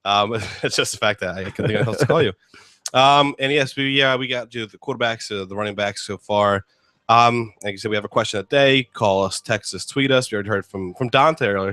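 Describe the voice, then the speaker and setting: Male sports host, low voice, dry booth sound, rambling and jokey. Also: fairly bright tone, no room sound. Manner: rambling, filler-heavy, joking. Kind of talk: casual sports talk.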